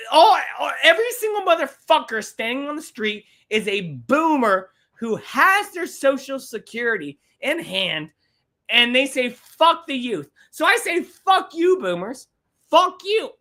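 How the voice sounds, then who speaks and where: High-voiced woman ranting on a podcast. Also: fairly bright tone. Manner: ranting, profane, repetitive. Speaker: podcast host. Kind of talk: livestream podcast rant.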